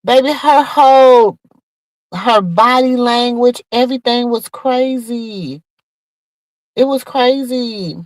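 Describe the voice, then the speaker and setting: A woman hosting a casual gossip show, talking straight to her viewers in an animated, chatty way. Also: on the high side, slow, no room sound, rough recording. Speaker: podcast host.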